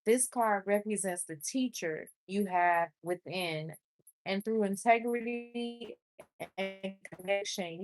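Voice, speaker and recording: A woman doing a spiritual tarot card reading, emotional and speaking to Spirit. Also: lowish voice. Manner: emotional, talks to Spirit, gets choked up. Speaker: tarot reader.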